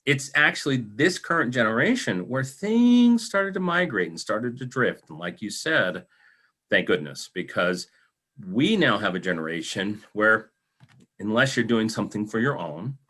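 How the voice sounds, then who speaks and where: A man's voice: medium pitch, sing-song, moderate pace, pushed and bright. A man hosting an interview show, chatting casually and chiming in with brief encouraging remarks. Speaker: host.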